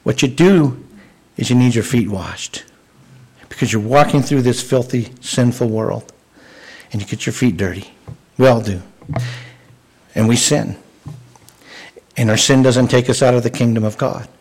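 A man's voice: mid-range voice, a little slow, long pauses, a little mellow, husky, rough recording. Male pastor, mid-range voice, conversational sermon delivery with restarts. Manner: earnest, conversational preaching with frequent restarts.

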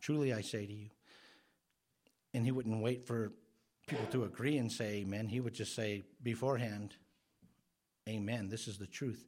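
A man's voice: fairly low pitch, fairly even intonation, normal speed. Earnest male pastor preaching. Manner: earnest, emphatic preaching that swells louder on key words. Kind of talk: sermon.

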